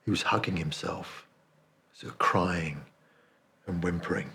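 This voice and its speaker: A man performing a dramatic monologue as a remorseful man confessing a cowardly betrayal, speaking in a hushed, confessional way. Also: low voice, a little slow, gravelly, a little hiss or hum, full character voice. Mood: haunted, confessional.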